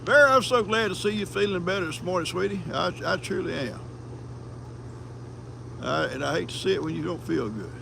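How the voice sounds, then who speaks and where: A man's voice: high voice, expressive, brisk, creaky, noisy background. An older man with a country accent, hosting a livestream in folksy, rambling casual chat and reading viewer comments. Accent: American country. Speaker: livestream host.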